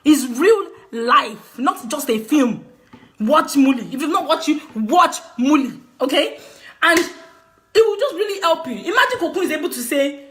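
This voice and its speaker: High, lively Nigerian woman ranting. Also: moderate pace. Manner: emphatic and scolding, laughing through her words. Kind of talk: passionate direct-to-camera rant.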